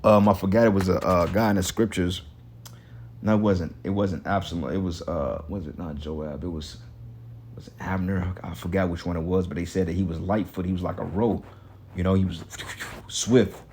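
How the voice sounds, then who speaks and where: A man's voice: deep voice, steady tone, moderate pace, darkish tone, slight background noise. A man preaching an angry, profane street sermon in African American Vernacular English, ranting and cursing between scripture readings. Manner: reads scripture aloud.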